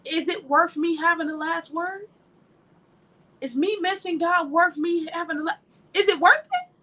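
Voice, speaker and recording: Woman minister, high bright voice, emphatic and chatty, mixes preaching with personal stories. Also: steady tone, normal speed, poor audio. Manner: emphatic, conversational, laughs while telling stories. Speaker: ministry speaker. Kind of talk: informal sermon with personal anecdotes.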